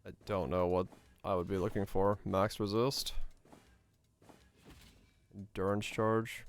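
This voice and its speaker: A male streamer in casual gameplay commentary, hoarse and losing his voice, talking in a chatty, self-mocking way. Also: low voice, steady tone, slow pace. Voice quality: creaky, raspy.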